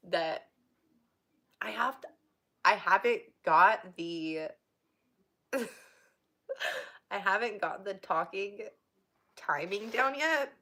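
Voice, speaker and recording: A woman's voice: mid-range voice, a bit bright. A young woman casually reading a book aloud, breaking off to chat and laugh now and then. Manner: reads haltingly, stops to chat and laugh.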